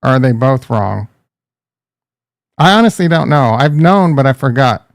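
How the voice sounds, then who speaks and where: A man's voice: mid-range voice, lively intonation, normal speed, gravelly, no echo, clean studio sound. A man hosting a casual livestream, joking and ranting, talking straight to his chat and calling viewers bro and dude. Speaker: crypto livestream host.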